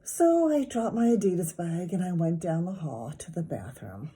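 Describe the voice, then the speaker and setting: Female teacher narrating a kids' book, expressive, low and breathy. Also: moderate pace. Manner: lively, expressive storytelling. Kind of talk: reading a children's novel aloud.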